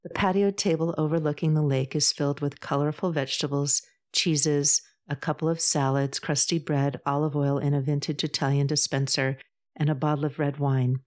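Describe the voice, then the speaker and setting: Low-voiced woman reading a novel. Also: fairly even intonation, normal speed, a little mellow. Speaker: audiobook narrator. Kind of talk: scripted narration.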